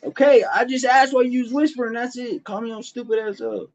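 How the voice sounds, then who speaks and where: A man's voice: very high-pitched, fairly even intonation, a little fast, vocal fry. Profane, combative livestreamer man from Illinois. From Champaign, Illinois, USA. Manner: profane, confrontational, trash-talking. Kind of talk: heated livestream argument.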